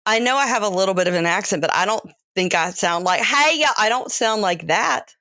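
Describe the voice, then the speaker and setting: A woman's voice: medium pitch, a little fast, a bit bright, no room sound. A woman in her thirties with a Southern US accent, co-hosting a podcast in casual chat, sounding tired and rambling, trailing off and restarting. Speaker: podcast co-host.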